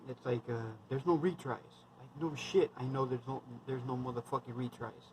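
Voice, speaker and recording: A man's voice: mid-range voice, normal speed, a little mellow, slight background noise, poor audio. A man in his thirties, a military veteran, telling war stories in a rambling, blunt, heavily profane casual monologue.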